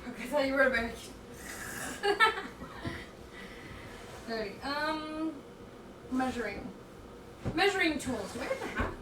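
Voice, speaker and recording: A woman's voice: high voice, expressive, unhurried, long pauses, reverberant, recorded from a distance, noisy background. A woman streamer chatting casually with her viewers as she cooks at home, reading chat aloud in a scattered, playful way. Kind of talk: casual chat while cooking. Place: home kitchen.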